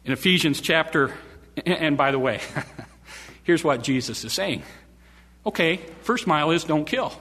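Male preacher, bright high voice, emphatic repeats, sermon in a reverberant church hall. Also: animated, a little slow, pauses often, husky.

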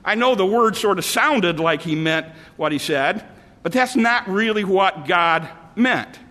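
A man preaching an evening sermon as pastor, with a repetitive cadence and drawn-out, emphatic phrases. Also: high-pitched, expressive, pushed and bright, big-room sound.

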